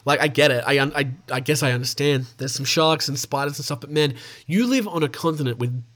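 A man's voice: fairly high pitch, a little fast, a bit bright. A man with an Australian accent hosting a casual show, reading out animal news stories and tossing in swearing asides. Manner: stumbles over names, swears in asides.

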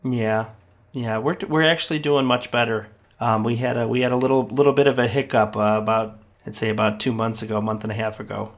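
A man speaks in character during a tabletop game, supportive and relaxed, with a joking streak. His voice sits at an ordinary middle pitch for a man. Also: a little fast. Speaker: player.

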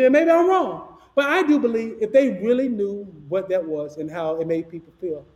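A very high-voiced man preaches as pastor, projecting hard since there is no microphone, and keeps tossing questions for the congregation to finish. His sinuses and ears are stuffed up. The sound is an echoey church hall with a long ringing reverb. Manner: projecting loudly without a microphone, call-and-response questions. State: clogged ears and sinus trouble. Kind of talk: sermon. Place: church sanctuary.

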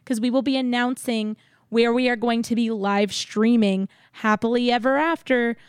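Give me an upbeat young woman chatting on a podcast, slightly high, recorded dry and close. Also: fairly even intonation, moderate pace, smooth, no echo. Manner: giggly, upbeat, enthusiastic. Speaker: podcast co-host. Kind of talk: casual podcast chat.

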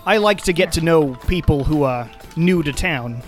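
A man's voice: on the high side, expressive, moderate pace, natural voice. Proud boastful clan heiress in a tabletop game, done by a man in his own voice, faint music under it. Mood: confident. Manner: boastful and welcoming. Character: proud confident woman, eldest daughter of a clan.

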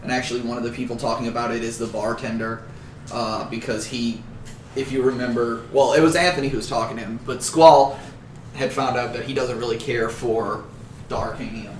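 A man's voice: mid-range voice, fairly even intonation, a little fast, a little hiss or hum. A man casually narrating as game master of a tabletop game, joking with his players, recorded on a distant shared mic in an echoey room.

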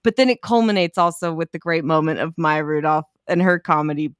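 Animated laughing woman, dry close mic. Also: low-pitched, a little fast, no echo. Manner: animated, laughing, acts out movie lines; heavy use of "like" and swearing. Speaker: podcast co-host. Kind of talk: casual chat.

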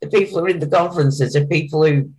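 A woman's voice: sits low, quick pace, darkish tone, poor audio. An older woman, a charity founder chatting as a guest on an interview podcast. She is plain-spoken, chatty and laughs often. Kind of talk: casual interview chat.

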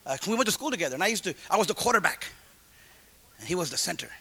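A middle-aged man preaching a sermon and telling his own testimony in street slang, going from loud calls down to hushed asides. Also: sits high, very animated, racing, creaky, husky.

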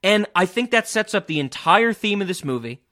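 A man's voice: sits high, expressive, a little fast, pushed and bright. A man hosting a casual film discussion podcast over a remote call, enthusiastic and rambling, swearing casually. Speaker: podcast host. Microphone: remote podcast call, cameras off.

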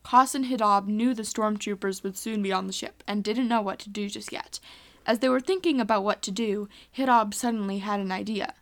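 A woman's voice: mid-range voice, fairly even intonation, brisk. A woman earnestly reading a homemade space adventure story aloud.

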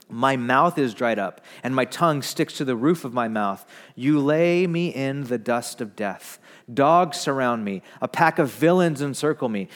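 A man preaching a sermon, swinging between loud emphatic declarations and hushed, low retellings. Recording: long hall reverb.

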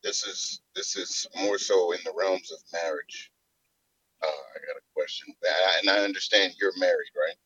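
A man calling in to a talk show, telling a story in a halting way with many restarts. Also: sits low, fairly even intonation, bright, forceful tone, slightly rough, lo-fi sound. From South Carolina. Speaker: caller. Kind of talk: casual call-in talk.

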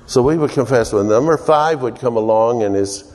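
A man with a mid-range, darkish voice preaches an informal sermon, rambling at an unhurried pace with many fillers. Long hall reverb makes his voice ring.

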